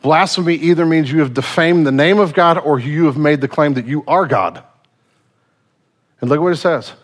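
A male pastor preaching a sermon in a casual, animated storytelling manner. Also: a little high, moderate pace.

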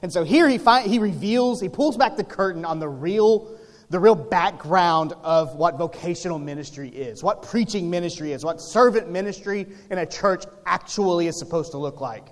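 High-voiced man preaching in a reverberant hall. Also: moderate pace. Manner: conversational preaching with rhetorical questions and humor. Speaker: pastor. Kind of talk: sermon.

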